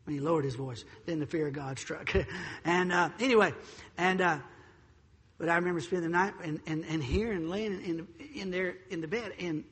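Pastor, high husky voice, animated storytelling sermon, long hall echo. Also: male voice, moderate pace. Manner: animated storyteller, acts out voices, swings loud and soft. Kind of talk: sermon with personal stories.

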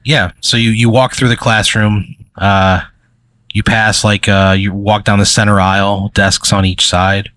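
Low guy running a tabletop game, lots of uhs and likes, dry sound. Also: little pitch movement, a little slow, fairly bright tone, no room sound. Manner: rambling, filler-heavy storytelling. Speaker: game master.

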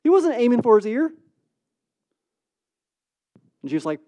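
A man preaches in a lively, conversational way, often checking in with "right?". He acts out the scenes, swinging from loud to hushed. His voice sits high and the sound is dry, with no room echo. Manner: animated storytelling with quick swings between loud and hushed. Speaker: pastor. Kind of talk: sermon.

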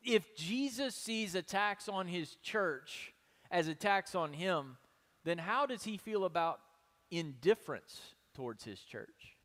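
High-voiced preacher in a reverberant hall. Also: male voice, expressive, takes it slowly. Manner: emphatic preaching, many rhetorical questions, shifts between soft and loud. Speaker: pastor. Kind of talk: sermon.

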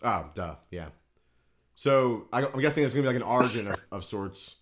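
A man's voice: mid-range voice, expressive, moderate pace, slight background noise. A man co-hosting a podcast in casual chat, easygoing and eager about movies. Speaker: podcast co-host.

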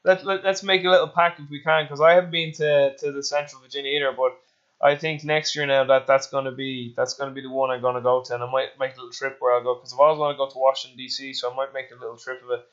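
Fast-talking Irish man hosting. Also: mid-range voice, level tone, a bit bright, lo-fi sound. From Ireland. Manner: rambling, repeats words, swears casually. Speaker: podcast host. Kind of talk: casual interview.

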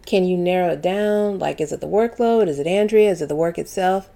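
Woman narrator gives a calm husband; gentle, questioning, low-set voice. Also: brisk, gravelly.

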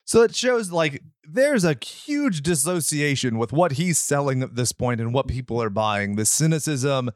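A man's voice: medium pitch, animated, normal speed, few pauses, dry recording, clean studio sound. A man hosting a podcast, chatting casually in a joking, sarcastic way. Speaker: podcast host. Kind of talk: casual chat.

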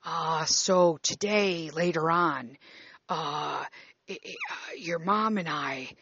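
A woman doing a hesitant older dad who stammers and never gets to the end of a sentence, his voice a touch lower and quieter than her own. The recording is dull and lo-fi, close and dry. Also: breathy edge, dry recording, exaggerated voice. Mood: fumbling. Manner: halting, stammering, trailing off.

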